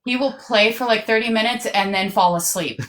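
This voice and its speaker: Bright teasing woman on a stream. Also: a little high, moderate pace. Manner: teasing, dry. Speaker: livestream guest. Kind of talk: casual chat.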